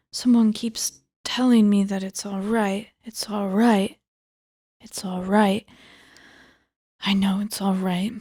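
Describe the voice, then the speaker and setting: A woman reads a book aloud at an unhurried pace, her voice mellow and low in brightness. She often sinks into a hushed whisper as she reads. The sound is close and dry, with no room around it. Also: dry recording. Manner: drops often into a hushed whisper while reading. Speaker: audiobook reader. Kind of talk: cold reading of a book aloud.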